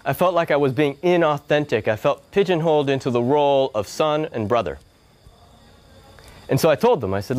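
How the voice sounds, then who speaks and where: A man's voice: mid-range voice, brisk. A man giving a spiritual talk, telling a personal story and acting out his family's voices. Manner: animated, acts out family voices. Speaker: spiritual speaker. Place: yoga hall.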